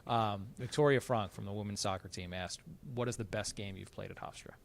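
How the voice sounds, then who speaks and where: A man hosting a sports interview, asking questions in a brisk, friendly way. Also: lowish voice, fairly even intonation, gravelly, slight background noise. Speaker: interviewer, show host.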